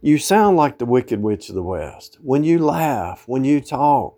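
Very animated and a little slow, this preacher speaks in a medium-pitched, dark-toned voice. In an informal sermon he quotes old-fashioned scripture wording, scolds the listeners and punctuates it with emphatic outbursts.

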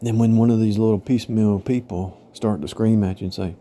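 A man's voice: lowish voice, fairly even intonation, fairly quick, dark tone. A man giving an informal spiritual talk, rambling and repetitive, telling parables and checking in with "right?" and "you know?". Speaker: religious teacher. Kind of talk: informal spiritual teaching monologue.

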